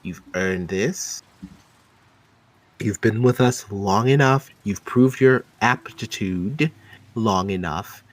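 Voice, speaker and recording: A man's voice: lowish voice, slow pace, no room sound. A man voicing a fussy, chatty woman desk clerk who gushes and bosses. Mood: bossy. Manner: gushing, bossy, doting.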